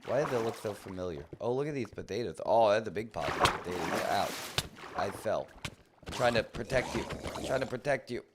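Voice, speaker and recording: A man streaming a game live, chatting and ranting playfully with mock indignation and sudden excited outbursts. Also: fairly quick, very noisy. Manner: jumps to high excited outbursts. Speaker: livestreamer. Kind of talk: live gameplay commentary.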